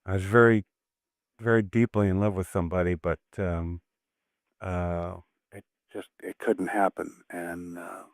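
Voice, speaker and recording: A man calling a late-night radio show, starting a personal story hesitantly, with many pauses and "uh"s. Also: low-pitched, flat delivery, dry recording, clean studio sound. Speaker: caller.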